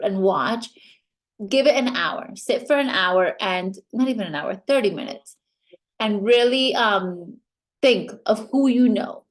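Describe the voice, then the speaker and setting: A woman mentor giving a training talk to a live group of new recruits, upbeat and direct, who now and then acts out quick quoted voices. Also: medium pitch.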